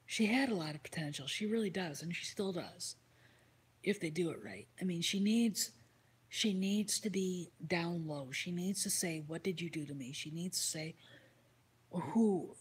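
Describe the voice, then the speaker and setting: A woman hosts a livestream and chats casually, retelling a story and answering her chat. Her voice is very husky and breathy and sits a little low. She often drops into whispers and swears freely. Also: moderate pace. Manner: reads and answers chat comments. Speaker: livestream host.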